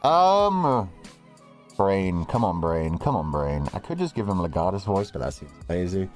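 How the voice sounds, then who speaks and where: A man's voice: low voice, big pitch swings, faint music behind. A young adult man streaming a game, chatting casually, joking around and laughing often. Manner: joking, rambling, quick to laugh.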